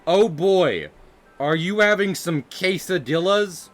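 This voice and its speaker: A man's voice: high voice, animated, takes it slowly, fairly bright tone, voice pushed up, heavily acted. A man voicing a folksy American man who fears spicy food, in a put-on Southern accent with an exaggerated cheery drawl.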